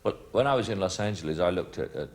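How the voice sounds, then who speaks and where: Male interviewee, extremely deep voice, thoughtful, halting. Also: lively intonation. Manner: musing, stops and restarts. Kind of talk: reflective interview answer.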